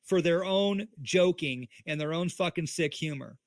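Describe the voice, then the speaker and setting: A man's voice: on the high side, moderate pace, no room sound. A man in a heated livestream chat on a video call, talking in an angry, emphatic, profane way. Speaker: co-host.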